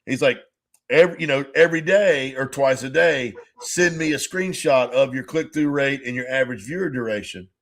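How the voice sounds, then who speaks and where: A man's voice: mid-range voice, moderate pace, a bit bright. A man co-hosting a casual podcast chat, rambling through stories, acting out both sides of conversations and swearing freely. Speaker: podcast co-host.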